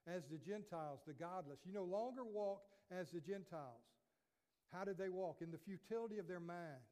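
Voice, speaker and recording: A man's voice: high voice, normal speed, dark tone. A man pastor preaching a sermon earnestly, quoting scripture and asking rhetorical questions. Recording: long reverb of a church hall.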